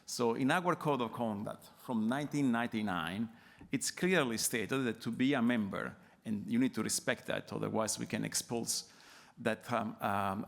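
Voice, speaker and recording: A man's voice: medium pitch, gravelly. A man with an Italian accent and a nasal voice giving a hesitant conference presentation full of fillers. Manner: hesitant, many fillers and restarts. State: nasal from a cold. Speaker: conference panelist. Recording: reverberant conference hall.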